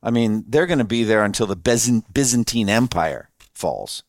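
A man's voice: fairly low pitch, expressive, normal speed, no room sound, studio quality. A man preaching a sermon in a conversational way, laughing often and asking his listeners questions. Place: room with an audience.

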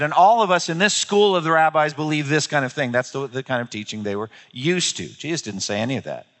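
A man's voice: a little high, fairly bright tone. A man preaching a sermon, emphatic and repeating key phrases for weight, dropping into quoted voices. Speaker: pastor. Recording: long reverb of a large hall.

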